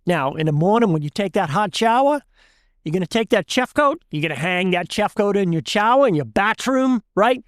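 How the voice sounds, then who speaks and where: A man's voice: high-pitched, lively intonation, normal speed, dry recording, clean studio sound. A man voicing a salt-of-the-earth Cajun shrimper who gives folksy, confident instructions in a Cajun accent.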